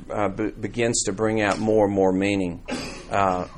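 A man with a fairly low voice leads a church Bible class. His talk is casual and meandering, full of restarts and fillers. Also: fairly even intonation, unhurried, slight background noise. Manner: conversational, rambling with restarts and fillers. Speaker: church teacher. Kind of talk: informal Bible class teaching.

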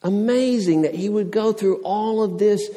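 A man's voice: high voice, normal speed, warm tone, in a large hall. A man preaching a sermon, earnest, pressing his points with rising questions and everyday illustrations. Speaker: pastor.

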